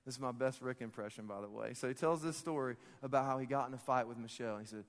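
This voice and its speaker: Joking pastor preaching in a hall. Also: male voice, medium pitch, quick pace, slight background noise. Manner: animated, joking, often laughing. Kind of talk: sermon with personal story. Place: large church hall. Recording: long reverb of a church hall.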